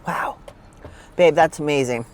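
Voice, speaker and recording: A young woman vlogger chatting casually, excitable, laughing often and gushing over her pets. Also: deep voice, measured pace, a little hiss or hum. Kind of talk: casual vlog chat.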